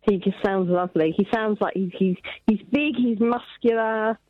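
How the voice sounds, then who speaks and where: A woman's voice: medium pitch, normal speed, no room sound. A woman in her thirties calling in to a radio show, giggly and flirtatious. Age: 30s. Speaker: caller. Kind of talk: phone-in call. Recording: dull dry phone line.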